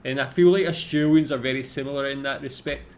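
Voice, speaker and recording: A man's voice: mid-range voice, fairly even intonation, fast, background noise. A Scottish man hosting a reaction video, chatting casually and laid-back, often saying "man". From Scotland.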